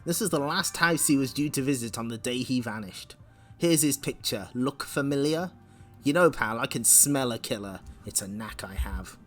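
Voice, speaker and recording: A man reading out a suspicious police officer who questions people bluntly in a hard-boiled manner. His voice stays close to everyday speech, with a lively rise and fall. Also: medium pitch, normal speed, soft background music, lightly acted.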